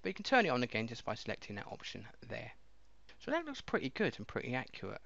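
A man casually walking viewers through a piece of software step by step, in a chatty explaining way. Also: medium pitch, huge pitch swings, fast talker, vocal fry, no room sound. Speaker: software reviewer. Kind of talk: casual screen-recording walkthrough. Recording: dull lo-fi dry mic.

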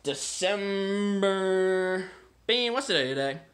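Man, high-pitched voice, casual home vlog, chatty, talks to his pets. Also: lively intonation, slow pace, a bit bright. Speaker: amateur wine vlogger.

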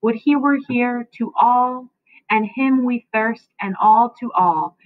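A woman teacher reading aloud as Macbeth, a haunted and frantic king, slowly and with a raised, louder voice. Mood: raging. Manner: reads the verse slowly, rising in pitch and loudness. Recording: dry, tinny phone-like sound.

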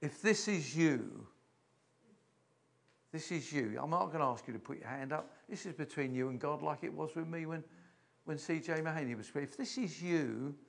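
An older man giving a sermon in a church, emotional and halting, often repeating himself as he restarts sentences. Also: on the high side, vocal fry. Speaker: preacher.

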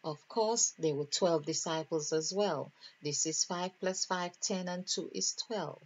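A woman teaching a spiritual numerology lesson, thinking aloud in a deliberate, musing way as she counts out numbers. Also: lowish voice. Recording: dull lo-fi recording.

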